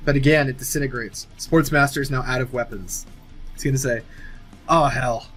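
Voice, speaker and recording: A man talking through a made-up movie plot in a relaxed, rambling way, full of fillers, restarts and half-finished thoughts. His voice sits in an ordinary middle pitch, and now and then he lifts it a little to act out a character's line. Faint music plays underneath. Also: fairly quick. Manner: rambling, thinking aloud with many fillers and restarts. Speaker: movie sequel writer. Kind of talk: casual pitch-style narration of an imagined film.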